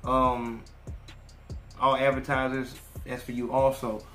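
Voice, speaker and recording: A man's voice: mid-range voice, level tone, slow pace, sharp tone, echoey room, faint music behind. A man hosting a podcast in a loose, profane, direct monologue. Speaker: podcast host. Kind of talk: casual monologue.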